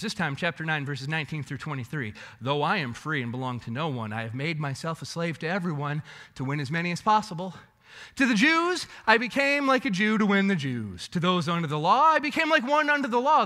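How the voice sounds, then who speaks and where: A male pastor with a high, lively voice delivers a sermon, swinging from loud bursts to hushed asides. His tone is bright and forceful. The long reverb of a large hall hangs on every phrase.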